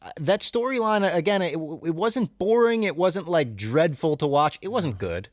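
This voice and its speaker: A slightly high-voiced man reviewing a film with a lively, up-and-down delivery. He laughs easily, and the recording is dry and close. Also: moderate pace, no echo. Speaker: podcast host. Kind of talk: casual movie review chat.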